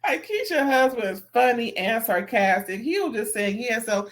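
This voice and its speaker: A woman's voice: on the high side, very animated, normal speed. A woman chatting casually as she recaps a reality TV episode, gossipy and slangy, laughing often between remarks. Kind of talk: casual commentary.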